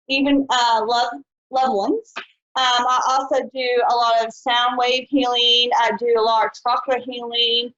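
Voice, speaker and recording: A woman's voice: high voice, fairly bright tone. A woman hosting a live call-in psychic show, chatty and folksy. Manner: chatty, folksy, says honey and y'all. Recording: dull lo-fi live stream.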